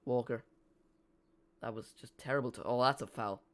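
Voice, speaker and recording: A man's voice: medium pitch, normal speed, fairly bright tone. A young man, hosting a live football watch-along in a chatty, self-mocking way. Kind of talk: casual live match commentary.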